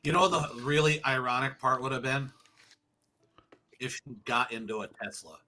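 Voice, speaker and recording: A man's voice: medium pitch, normal speed, bright, forceful tone, rough recording. A man chiming in with laid-back, wry comments in a casual chat.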